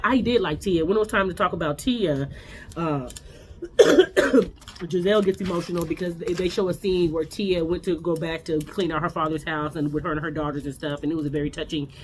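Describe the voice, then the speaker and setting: A woman's voice: low voice, a little hiss or hum. Sassy woman giving a blunt TV recap. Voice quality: blunt, sassy, candid, with frequent restarts. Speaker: reality TV recap host. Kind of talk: casual recap commentary.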